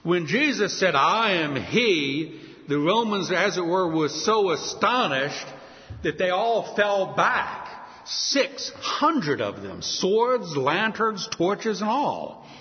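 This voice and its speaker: Animated preacher man in an echoey hall. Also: sits high, slow. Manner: emphatic, rhetorical questions, dramatic swings in loudness. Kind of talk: sermon. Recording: dull, echoey hall sound.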